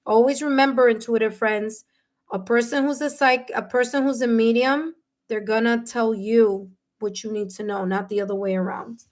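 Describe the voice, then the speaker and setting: A woman reading tarot live for her viewers, talking warmly and emotionally, with many fillers and restarts. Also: fairly high pitch, steady tone, normal speed. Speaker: tarot reader and medium. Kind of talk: live-stream reading, casual chat with viewers.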